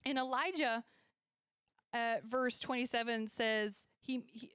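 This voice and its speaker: Woman children's church teacher, fairly high and smooth, chatty and laughing, dry close sound. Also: steady tone, takes it slowly, a bit bright, no room sound. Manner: chatty, laughs often, self-correcting. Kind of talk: casual Bible lesson with props.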